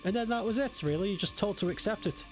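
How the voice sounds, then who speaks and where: A man's voice: sits high, quick pace. A young British man streaming a game, chatting with viewers, joking and swearing casually. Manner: chatty, swearing, laughing with chat. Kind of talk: casual gameplay commentary. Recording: game music behind. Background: game music.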